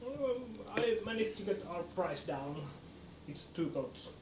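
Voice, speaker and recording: Male player, high voice, playful in-character banter, roomy echo. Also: sing-song, unhurried, recorded from a distance, crowd noise. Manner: playful, laughs often. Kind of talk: in-character tabletop play. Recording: echoey room with music.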